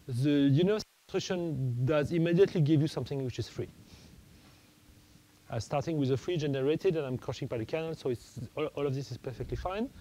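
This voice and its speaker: Halting male math lecturer, mellow voice. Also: on the high side, slight background noise, rough recording. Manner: halting, many restarts and fillers, thinking aloud.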